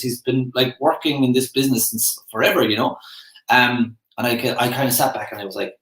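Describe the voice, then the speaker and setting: A man's voice: mid-range voice, fairly even intonation, a little fast, fairly bright tone. Chatty Irish man, echoey room. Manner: chatty, rambling, acts out quoted voices. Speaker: personal development coach. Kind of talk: live-streamed motivational talk.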